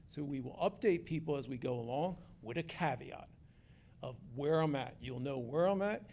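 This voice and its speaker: A man's voice: medium pitch, expressive, moderate pace, creaky, a little mellow, slight background noise. A man giving an informal community update as director of construction projects, joking and chatty, often restarting his sentences. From Philadelphia area.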